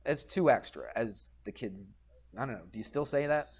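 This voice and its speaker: A man's voice: medium pitch, expressive, normal speed. A man teaching a geometry lesson in a classroom, patient and chatty, often checking in with the students. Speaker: high school math teacher.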